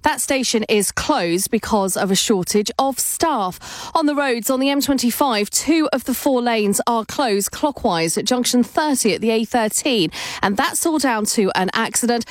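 A woman reads a radio traffic bulletin in a brisk, clear manner. Her voice is fairly high. The studio sound is dry. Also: lively intonation, no room sound. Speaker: traffic reporter. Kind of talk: scripted travel bulletin.

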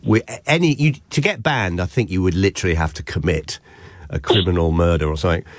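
A man hosts a radio show in a chatty, rambling way and cracks jokes as he goes. His voice sits very low. The studio sound is dry and close. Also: quick pace, no room sound. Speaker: radio host. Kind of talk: casual radio chat. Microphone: studio mic.

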